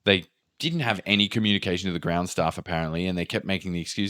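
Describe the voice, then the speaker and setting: A man telling a travel story in casual podcast chat, swearing freely and acting out quotes with sudden pitch jumps. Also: quick pace, a bit bright.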